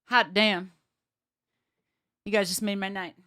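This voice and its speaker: A woman bassist hosting a livestream, chatting casually with her viewers, excitable, laughing often and swearing mildly. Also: slow pace.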